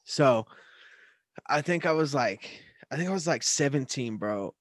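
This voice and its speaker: Young male podcast co-host, loose profane storyteller, dry close sound, mid pitch. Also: expressive, measured pace, no echo. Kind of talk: casual storytelling chat.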